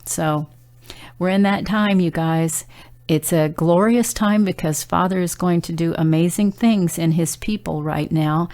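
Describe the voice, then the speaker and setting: A woman's voice: on the low side, unhurried, darkish tone. A middle-aged woman sharing a devotional message in an earnest, conversational way, telling stories with frequent fillers. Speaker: Christian prophetic speaker.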